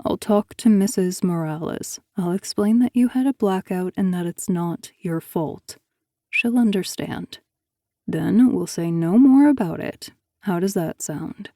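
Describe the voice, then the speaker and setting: A woman voicing a calm, manipulative male school teacher who talks in a hushed, coaxing way. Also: fairly low pitch, unhurried, dry recording, studio quality.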